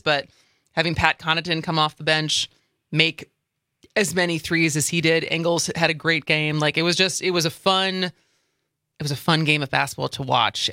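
A woman's voice: sits low, bright, forceful tone, dry recording. A woman co-hosting a talk radio show, chatting casually and rambling with frequent laughs. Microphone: studio microphone.

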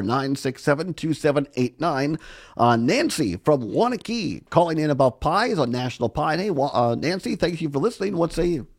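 Upbeat Midwestern talk radio host. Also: male voice, a little high. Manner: upbeat, chatty, repeats phone numbers.

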